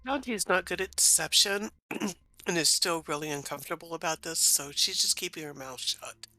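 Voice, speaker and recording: A woman's voice: fairly low pitch, normal speed, bright, forceful tone, no echo. A woman playing in a tabletop game, wry and matter-of-fact as she describes her character. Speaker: player.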